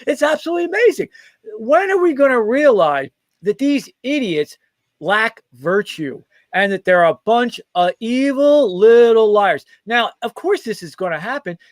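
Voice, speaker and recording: This is a man with a notably high voice delivering scornful political commentary. He rambles, doubles back and repeats words as he builds his case. The sound is dry, with no room echo. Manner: mocking, rambling, with frequent restarts. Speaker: co-host of a political talk show.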